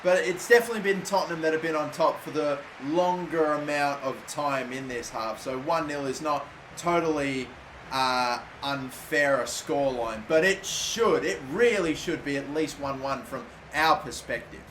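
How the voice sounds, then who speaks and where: A young man from Australia commentating his own football video game, swearing constantly and erupting into shouts when a play goes wrong. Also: fairly high pitch, normal speed, a little hiss or hum. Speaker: gaming YouTuber. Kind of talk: live gameplay commentary.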